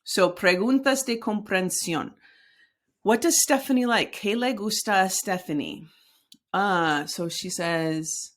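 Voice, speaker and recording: A woman teaching a recorded Spanish lesson, explaining patiently and slowly with frequent fillers. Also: mid-range voice.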